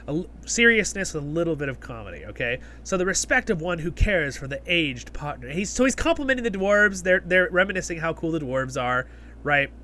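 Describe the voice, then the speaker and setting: A man hosting a casual episode review, excitable and geeky, retelling scenes with lots of asides. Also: a little high, a little hiss or hum. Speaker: host of a review channel.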